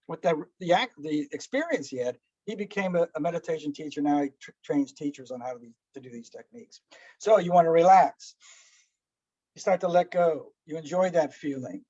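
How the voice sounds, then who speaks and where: A man with a fairly high voice leads a relaxed lesson on breathing and letting go. He talks conversationally, tosses out rhetorical questions and acts out small stories with quick character voices. The recording is dry and somewhat dull. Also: no echo. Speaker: meditation teacher. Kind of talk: relaxed spoken teaching talk.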